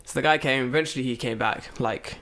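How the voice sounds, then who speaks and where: A man's voice: mid-range voice, brisk, a bit bright. A man in casual chat, telling a story with lots of swearing and acted-out voices. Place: lives in Japan.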